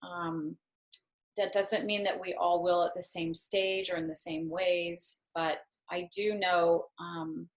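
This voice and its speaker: A yoga teacher in her fifties, guesting on a talk show, shares a personal story earnestly and reflectively while gently mocking herself. Her lowish voice is flat and slow, and the recording sounds roomy and echoey.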